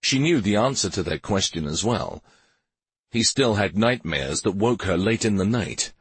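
A man narrating a fantasy audiobook in a measured, even reading. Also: fairly low pitch, husky, dry recording. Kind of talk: scripted narration.

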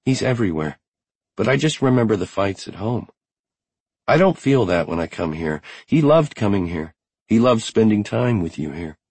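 A tired but unbending widow speaks plainly and earnestly, as a male audiobook narrator reads her lines. The voice sits very low and husky. It is close and dry, with no room around it. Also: sing-song, moderate pace, darkish tone, no room sound, full character voice. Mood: wistful. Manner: blunt, earnest. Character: grieving widowed woman, tired but strong. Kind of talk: audiobook character reading.

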